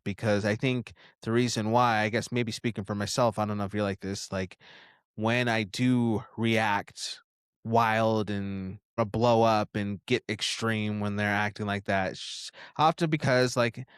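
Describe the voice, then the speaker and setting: Smooth low-voiced man co-hosting a podcast. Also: no room sound, clean studio sound. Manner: reflective, self-critical, repeats phrases. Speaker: podcast co-host. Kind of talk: casual chat.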